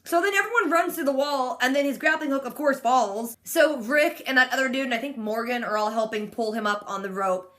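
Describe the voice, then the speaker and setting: Her high, fairly bright voice moves a little fast with few pauses. This woman in her twenties is a vlogger giving a chatty, sarcastic TV episode recap, heavy on "like".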